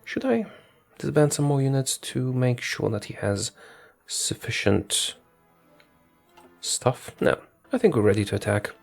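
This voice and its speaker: Gravelly man narrating his strategy game. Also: medium pitch, sing-song, measured pace, faint music behind. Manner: thinks aloud, talks to his units, corrects himself. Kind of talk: casual gameplay commentary.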